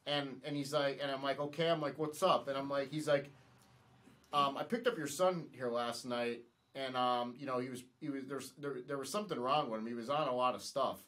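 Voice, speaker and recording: A man's voice: medium pitch, a little fast, a bit bright. A man, a podcast guest telling a story casually and retelling the dialogue with many "he's like" and "I'm like" asides.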